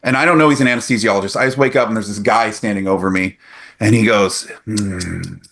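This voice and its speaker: A man's voice: lowish voice, quick pace. A man in his forties co-hosting a podcast, telling a story animatedly in casual chat. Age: 40s. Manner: animated storyteller acting out others' lines. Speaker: podcast co-host. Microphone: podcast microphone.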